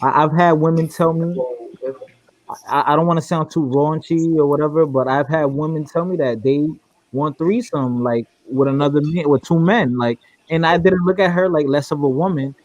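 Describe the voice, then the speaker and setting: A man's voice: a little high, moderate pace, no echo. Talk it through as an emphatic man, repeating yourself, close and dry on the mic. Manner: emphatic, repeats himself, stammering restarts. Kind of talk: casual group audio chat.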